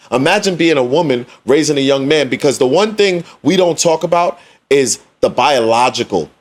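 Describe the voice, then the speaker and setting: A man co-hosting a podcast in casual discussion, emphatic and repetitive for effect. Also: medium pitch. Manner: emphatic, preachy, repeats phrases for effect. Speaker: podcast co-host.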